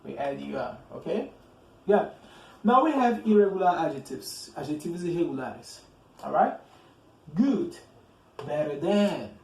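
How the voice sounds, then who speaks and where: Slow, repetitive male English teacher, echoey room. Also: fairly high pitch, expressive, vocal fry. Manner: speaks slowly, repeats words, checks in with "okay?". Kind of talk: slow, deliberate grammar lesson. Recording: roomy echo with faint ambience.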